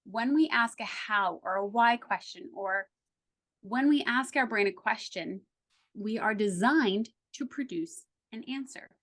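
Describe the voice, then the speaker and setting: Enthusiastic woman coach, lively. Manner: enthusiastic, acts out inner voices with quick pitch jumps. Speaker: success coach. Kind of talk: podcast interview.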